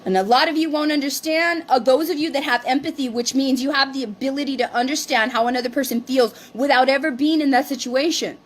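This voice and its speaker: Livestream co-host, woman, high voice, heated profane rant, defensive. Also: fast talker, hardly any pauses. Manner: profane, defensive, mixes in Spanish phrases.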